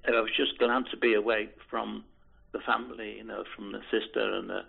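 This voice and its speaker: A man in his eighties, from Liverpool, recalling his past in an oral history interview, hesitant and repeating words with soft chuckles. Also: on the low side, flat delivery, fairly quick, gravelly, husky. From Liverpool, England. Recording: tinny phone-like recording.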